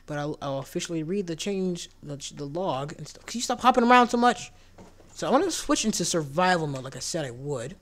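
A man giving casual gameplay commentary, excitable, jumping into squeaky outbursts of surprise and dropping to whispered asides, his voice cracking when it goes high. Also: fairly quick. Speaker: gaming channel host.

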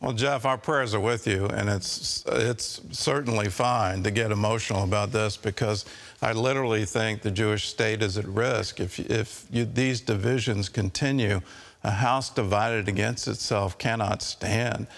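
Gravelly male news interviewer. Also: lowish voice, fairly even intonation, unhurried, fairly bright tone. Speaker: host.

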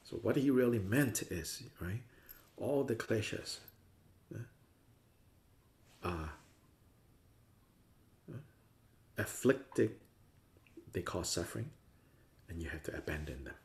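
A man's voice: fairly low pitch, lively intonation, slow, long pauses, a little mellow. A man teaching a Buddhist class in a conversational way, often acting out the views he discusses with playful voices. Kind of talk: dharma class lecture.

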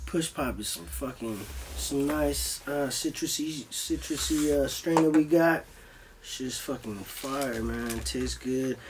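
A man's voice: mid-range voice, takes it slowly, noisy background. A young man telling a story in a loose, profane style, acting out his own voice as he goes. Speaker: guest. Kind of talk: casual storytelling.

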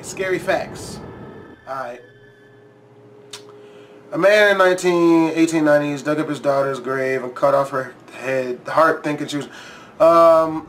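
A man with a slightly high, somewhat bright voice hosts his YouTube channel, giving casual reaction commentary on a scare challenge. He's profane and jumpy, yelping and swearing when startled, with slight background noise.

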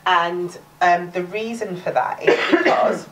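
A woman's voice: on the low side, unhurried, a bit bright, distant mic, slight background noise, low-quality recording. A woman with a Cockney accent teaching a live workshop, chatty, restarting words and laughing often. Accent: London Cockney. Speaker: workshop presenter.

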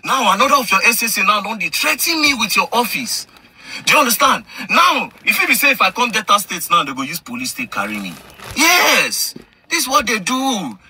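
A Nigerian man ranting straight at the camera, his voice very bright and piercing. His pitch swings widely as he hammers the same points over and over. He switches freely between English and Pidgin. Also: sing-song, fairly quick, slightly rough. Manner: confrontational, repetitive, mixing English and Pidgin. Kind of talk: heated direct-to-camera rant.

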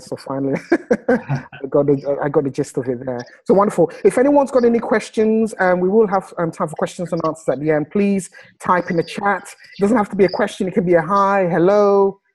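A man hosting a video call, enthusiastic and salesy, slowing down to stress his points. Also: a little high, no echo, poor audio. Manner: enthusiastic, salesy, slows down for emphasis. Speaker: host.

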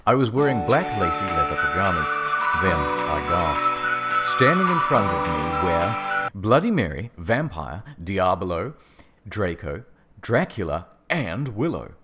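A man giving a deadpan, mock-serious comedic reading as narrator. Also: deep voice, measured pace, faint music behind.

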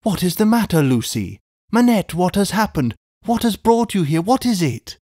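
A man's voice: fairly high pitch, normal speed, darkish tone, no room sound, studio quality, lightly acted. A man playing an older man who is loyal, protective and urgently commanding in a storybook reading. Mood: alarmed. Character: old man, loyal old friend, alarmed and protective.

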